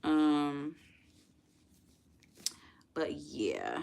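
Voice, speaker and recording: A woman's voice: sits low, wildly swooping pitch, drawn-out words, gravelly, darkish tone, slight background noise. A young adult woman hosting a casual livestream, chatting with viewers, calling them y'all and putting questions to her chat. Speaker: livestream host.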